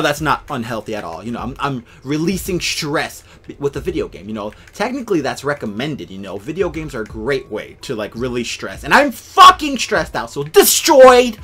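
A young man ranting and swearing over a video game, swinging between yelling and low muttering. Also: breathy edge. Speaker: gaming YouTuber. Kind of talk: angry gameplay commentary.

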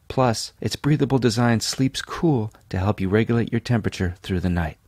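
A podcast host from California reads a sponsor spot in a sleepy, deadpan voice with plenty of gravelly fry. His pitch sits low and the sound is close and dry, with no room around it. He keeps undercutting the ad with wry asides. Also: normal speed, few pauses, no echo. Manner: sleepy, deadpan, self-mocking. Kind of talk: jokey ad read.

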